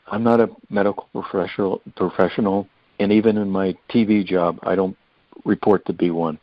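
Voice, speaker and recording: Older male guest, folksy rambling storyteller; low-pitched, muffled and dry. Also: steady tone, a little fast, no echo. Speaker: hospice volunteer guest. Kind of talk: anecdotal storytelling in an interview. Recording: dull lo-fi dry recording.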